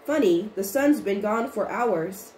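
A woman voicing an eager teenage boy detective who talks in a lively, friendly way, in a roomy recording with faint noise. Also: mid-range voice, unhurried, close to an everyday voice.

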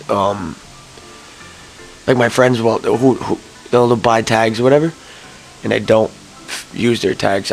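A young man telling a rambling story to camera, early in the morning, swearing and jumping to high yelps when he gets excited. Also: vocal fry, low-quality recording. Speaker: vlogger.

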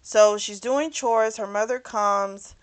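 A woman's voice: mid-range voice, steady tone, slow pace. A woman hosting a book club channel, chatting through a novel's plot casually and acting out the characters' lines as she goes. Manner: swears freely.

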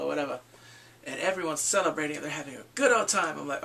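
A man casually recapping a TV episode, swearing freely and jumping into quick impressions of the characters. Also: on the high side, creaky, pushed and bright, far from the mic, a little hiss or hum. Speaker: TV show reviewer. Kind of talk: casual spoiler recap vlog.

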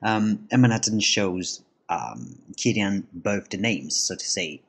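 Husky, rambling man narrating casually. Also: fairly low pitch, sing-song, measured pace, few pauses, a bit bright. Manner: rambling, laughs often, many restarts. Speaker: comic artist and channel host.

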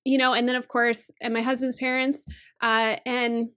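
A woman's voice: a little high, level tone, normal speed, bright, forceful tone, clean tone. Earnest, chatty woman vlogger. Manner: chatty, earnest, with fillers and restarts. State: emotional, holding back tears. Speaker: budgeting channel host. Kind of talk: casual vlog talk.

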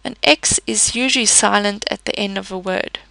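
A woman teaching a pronunciation lesson, explaining patiently with pauses, fillers and small self-corrections. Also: medium pitch, vocal fry, sharp tone, no room sound, poor audio. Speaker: French teacher.

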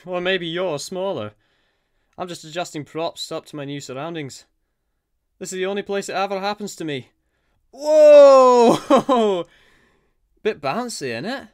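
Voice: medium pitch, moderate pace, natural voice. A voice actor playing a cheerful, laid-back, small magical surfer man who chats casually and calls people cuz. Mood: easygoing. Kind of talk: fan voice acting.

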